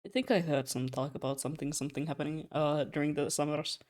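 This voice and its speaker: This is a fast-talking young adult streamer, medium in pitch, chatting casually over a drawing session. Expect animated, rambling tales crowded with asides and fillers, plus lots of laughing.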